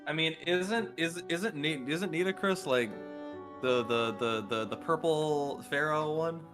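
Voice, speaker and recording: A man's voice: on the high side, measured pace, music in the background. A man at a tabletop game bantering, stammering and teasing between chuckles. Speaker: player.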